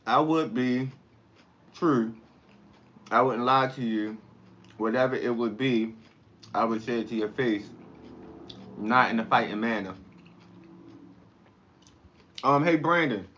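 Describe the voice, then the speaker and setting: A man's voice: mid-range voice, measured pace, long pauses, a bit bright, highs cut off. A man hosting a casual live stream, eating while he talks back to comments in a rambling, blunt way. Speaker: livestream host.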